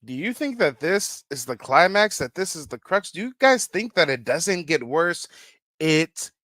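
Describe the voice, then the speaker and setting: A man's voice: on the high side, very animated, a little slow, bright, forceful tone, no room sound. A man hosting a reaction commentary stream. He talks in a theatrical, teasing way and keeps calling out to his viewers. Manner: theatrical, teasing, repeats "guys" and "Mike".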